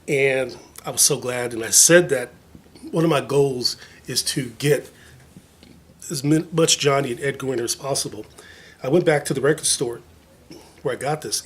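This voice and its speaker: A man chatting casually to his viewers as he shows off records from his collection, rambling and joking at his own expense, with plenty of fillers. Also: medium pitch. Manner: rambling, chatty, self-mocking, many fillers. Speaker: vinyl collector vlogger. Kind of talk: casual show-and-tell chat.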